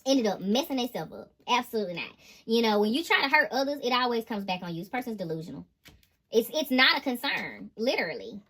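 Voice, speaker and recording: A woman giving a tarot reading, talking in an animated, emphatic, slangy way and laughing often. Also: on the high side, a little fast, breathy edge. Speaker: intuitive tarot reader.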